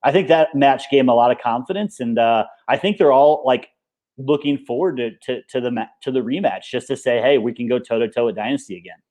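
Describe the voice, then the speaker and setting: A man, a coach and former pro player, talking in a relaxed, conversational way in an interview and retelling moments with quoted dialogue. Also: medium pitch, a little fast. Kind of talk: casual interview.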